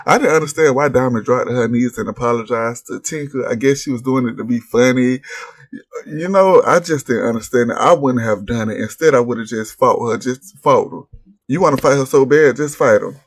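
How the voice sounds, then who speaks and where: A man's voice: medium pitch, brisk, no echo, clean studio sound. A man hosting a casual reality TV recap vlog, blunt and profane as he reads viewers' posts and mocks the cast. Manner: brash, blunt, profane trash-talk with laughs.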